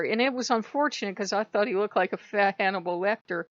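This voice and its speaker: A woman chatting casually to her channel, animated and laughing often as she slips into mock voices. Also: mid-range voice, moderate pace, few pauses, dry recording, dull audio. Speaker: YouTuber.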